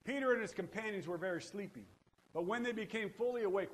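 A middle-aged man preaching a sermon, telling the story with lively asides and calling out to his congregation for responses. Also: high-pitched, quick pace. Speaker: pastor.

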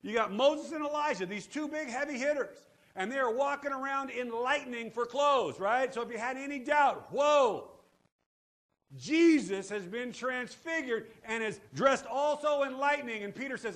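Middle-aged male pastor, high voice, lively call-and-response preacher. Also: moderate pace. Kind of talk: sermon.

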